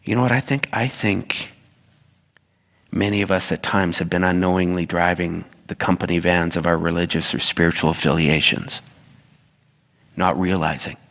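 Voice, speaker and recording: Animated preacher man in a reverberant hall. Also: sits low, moderate pace. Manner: storytelling, animated asides to congregation. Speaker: pastor. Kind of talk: sermon.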